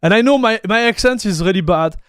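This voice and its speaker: A man's voice: high-pitched, brisk, a bit bright, clear, resonant tone, no room sound, clean studio sound. A man from France with a French accent, chatting casually with his live-stream chat as a tech streamer, laid-back and calling everyone "dude". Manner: laid-back, says "dude" a lot, reads chat aloud.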